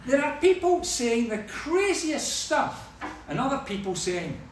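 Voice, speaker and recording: A man's voice: extremely high pitch, a little slow, few pauses, a little hiss or hum. A man preaching a sermon, telling stories with humor. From Scotland. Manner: lively storytelling with humor. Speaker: pastor. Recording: echoey hall from far off.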